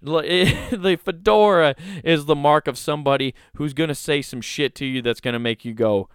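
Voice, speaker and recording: A man's voice: medium pitch, animated, moderate pace, clear, resonant tone, no room sound, clean studio sound. A man hosting a comedy podcast, giving sarcastic, mocking commentary and laughing often.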